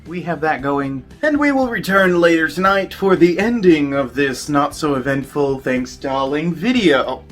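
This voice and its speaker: Casting: young woman, low voice, teasing, laughing vlog co-host. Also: expressive, unhurried, few pauses, soft background music. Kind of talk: casual home vlog chat.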